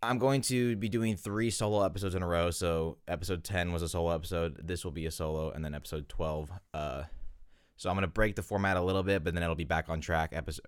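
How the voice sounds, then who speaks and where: A man's voice: low voice, no room sound, clean studio sound. A young man hosting his podcast solo, chatting casually in a rambling, self-correcting way, a bit out of breath. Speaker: podcast host.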